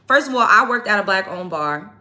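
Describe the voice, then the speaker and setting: A woman's voice: medium pitch, lively intonation, fairly quick, pushed and bright. A woman hosting a livestream, retelling events to her chat in a heated, profane, emphatic rant. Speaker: livestream host.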